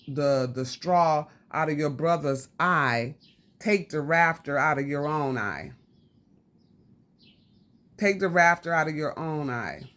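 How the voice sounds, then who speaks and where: A woman vlogger giving a casual, slangy commentary rant straight to camera, scolding her audience and repeating lines for emphasis. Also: low-pitched.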